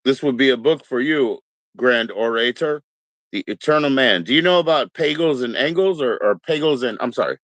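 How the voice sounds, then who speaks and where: A laid-back man rambles through a live stream, greeting viewers in an easygoing, meandering way. His voice sits at a middle pitch, and the sound is dry and close, with no room echo. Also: animated, normal speed, fairly bright tone. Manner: rambling, laid-back, greets chat members, mock Aussie slang. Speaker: livestream host.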